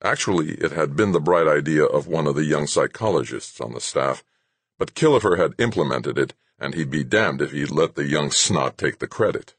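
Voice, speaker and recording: A man reading a novel aloud in measured scripted narration. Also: a bass voice, slightly rough, no echo. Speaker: audiobook narrator.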